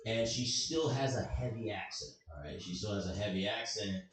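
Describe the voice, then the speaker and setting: A man's voice: on the low side, moderate pace. A man with a Southern US accent doing a rambling stand-up set that keeps correcting itself. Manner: rambling, self-correcting delivery. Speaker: stand-up comic and show host. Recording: echoey club from far off.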